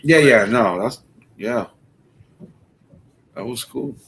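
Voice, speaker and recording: A laid-back man with a mid-pitched voice talks in casual, slangy chat. He calls his guest bro and lets things drift along unhurried. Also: fairly bright tone, a little hiss or hum.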